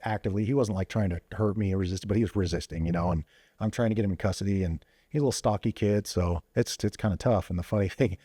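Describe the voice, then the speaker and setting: A man who is a former police officer, telling stories as a podcast guest in a quick, animated way full of fillers and restarts. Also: lowish voice, dry recording, clean studio sound. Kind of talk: casual storytelling interview. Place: podcast studio.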